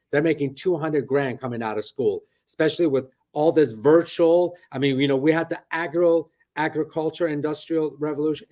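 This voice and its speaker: The middle-aged broker speaks in a mid-range voice with a darkish tone, chatting animatedly over a video call from his office. In this casual interview talk, he keeps checking in with "right?".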